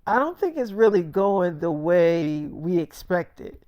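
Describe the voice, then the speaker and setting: Guy putting on a quiet flirty actress voice, soft and coaxing. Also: high voice, sing-song, slow pace, no echo, clean studio sound, full character voice. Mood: hesitant.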